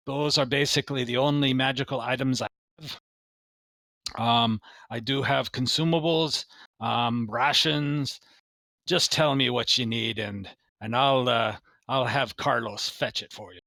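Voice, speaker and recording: A man voicing a short, fussy male quartermaster who talks in a brisk, chipper way and says "ye". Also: medium pitch, pushed and bright, no room sound.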